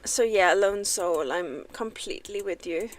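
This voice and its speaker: A woman's voice: mid-range voice, a little slow. A young woman casually chatting on a game livestream, self-deprecating and laughing often. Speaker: game streamer.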